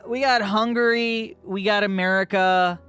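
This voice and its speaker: An excitable game master who swears freely and teases the players in casual pre-game banter. The voice sits at a middle pitch. Faint music plays underneath. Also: normal speed, clear, resonant tone.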